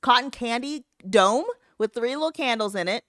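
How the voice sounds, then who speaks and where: In a casual podcast conversation, a woman co-host tells lively stories and laughs frequently. Her voice sits on the high side at a moderate pace, recorded dry with studio quality.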